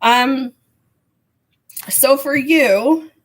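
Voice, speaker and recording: Speaking very slowly in a high voice, this woman reads tarot live for viewers. She hesitates and rambles with lots of fillers, clearing her throat often as her voice goes hoarse.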